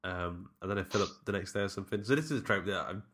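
A man with a fairly low voice and a bright, forceful tone, chatting casually as a podcast co-host. He rambles, restarts his sentences and laughs often while recapping a film. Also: rapid-fire.

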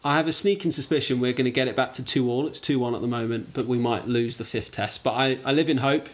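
A man's voice: mid-range voice, fairly even intonation, fast. A man from England, a podcast guest chatting casually and self-deprecatingly, with hesitant fillers and easy laughter. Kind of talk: casual interview chat.

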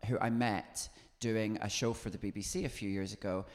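A man hosting a casual chat, thoughtful and articulate, gently teasing his guests. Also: fairly low pitch, fairly even intonation, moderate pace, in a large hall. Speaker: host.

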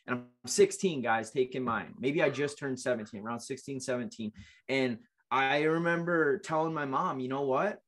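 A man's voice: medium pitch, moderate pace, fairly bright tone. Earnest man telling his life story. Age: late 20s. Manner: earnest, emotional, with frequent restarts. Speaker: guest. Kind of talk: storytelling interview.

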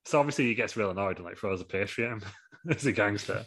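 Husky man telling comic story. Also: fairly low pitch, fast talker, fairly bright tone. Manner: rambling, laughing through the story. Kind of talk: comedic storytelling.

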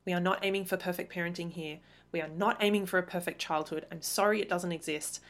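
An earnest woman in her thirties coaches parents on her own podcast. Her voice sits a little low. She leans hard on key words and now and then acts out a snappy retort. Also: fairly even intonation. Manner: earnest, emphatic, acts out quick imagined retorts. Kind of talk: solo podcast talk.

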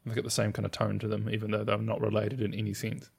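A man's voice: fairly low pitch, monotone, fast, gravelly, darkish tone, husky. A man co-hosting a podcast, chatting loosely about movies and shows, rambling and laughing easily. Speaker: podcast co-host. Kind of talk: casual chat about movies.

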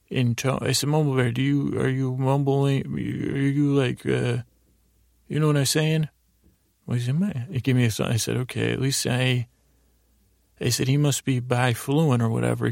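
Male sleep-story narrator, very gravelly, flat delivery, rambling with frequent restarts, dry close mic. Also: mid-range voice, no echo. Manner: meandering, halting, many restarts and "I said". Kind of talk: rambling improvised bedtime story.

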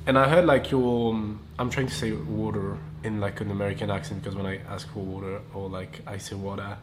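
A Frenchman with a fairly low voice hosts a solo podcast, speaking fast in a level tone over a very noisy recording. He chats casually in his French accent, swearing freely, laughing a lot and wandering off on tangents.

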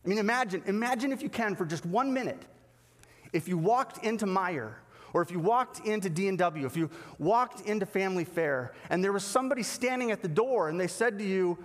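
A man preaching a sermon as pastor, animated and acting out the voices he quotes. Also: sits high, a little fast, in a large hall. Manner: animated, acts out quoted dialogue.

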